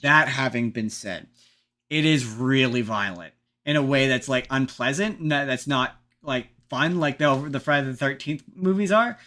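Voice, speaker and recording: A man hosting a podcast in casual chat, rambling and animated, with frequent restarts and casual swearing. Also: medium pitch, moderate pace. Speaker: podcast host.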